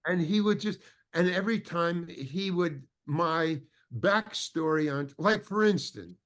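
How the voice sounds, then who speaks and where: A man's voice: a little high, a little slow, fairly bright tone. An older man, an actor as interview guest, telling a long anecdote with many restarts and acted-out quotes. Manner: rambling, full of restarts, acts out quoted dialogue.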